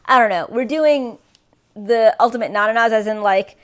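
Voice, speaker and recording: A woman's voice: medium pitch, animated, moderate pace. A woman streaming live, chatting casually and rambling playfully, a little tipsy, breaking into snatches of song.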